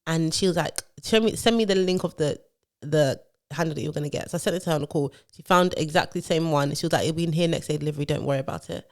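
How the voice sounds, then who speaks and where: Fast-talking animated woman. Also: deep voice. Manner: animated storyteller acting out quotes. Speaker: podcast co-host. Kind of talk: casual chat.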